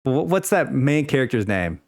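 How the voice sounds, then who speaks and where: A young man rambles through an unscripted personal rant, full of fillers, restarts and casual swearing. His voice leaps high and drops low as he talks. The sound is close and dry, with no room echo. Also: very animated, moderate pace, vocal fry. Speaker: vlogger.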